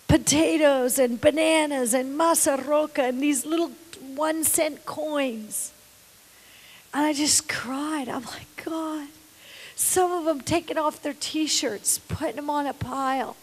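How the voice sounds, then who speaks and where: High-voiced woman preaching in a hall. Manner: emotional, drops to whispers, repeats words. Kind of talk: sermon storytelling.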